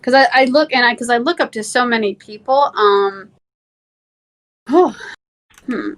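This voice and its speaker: A woman chatting as an interview guest, talking quickly and laughing easily. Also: fairly high pitch. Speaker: guest, content creator. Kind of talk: casual interview chat.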